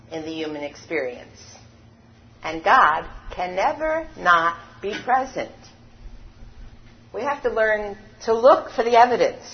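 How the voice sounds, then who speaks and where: A woman delivers a sermon at an unhurried pace, her voice swooping up and down as she stresses each point. The recording sounds dull and lo-fi, with the top end rolled off. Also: mid-range voice. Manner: slow, emphatic preaching with lively rises and falls. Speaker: spiritual teacher.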